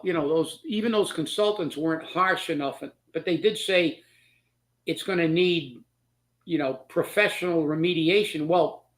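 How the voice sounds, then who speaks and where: A man's voice: high-pitched, fairly bright tone. A man hosting a political commentary show, talking in a sarcastic, mocking way and laughing as he makes his points.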